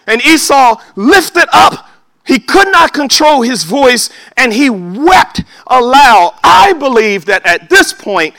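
A man preaching a sermon, emphatic, calling for amens and sometimes shouting. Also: sits high, dry recording. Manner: emphatic, calls for amen, bursts of shouting.

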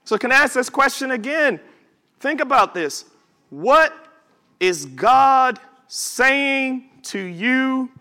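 High, lively-voiced male preacher. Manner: emphatic, with drawn-out words and sudden shouts; conversational asides to the congregation. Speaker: pastor. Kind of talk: sermon. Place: church service before a congregation.

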